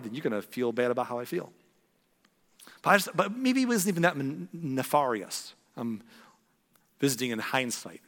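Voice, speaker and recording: Brief: male pastor, fairly high voice, earnest sermon with hushed emphatic moments, long hall reverb. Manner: earnest, storytelling, drops to hushed tones for emphasis.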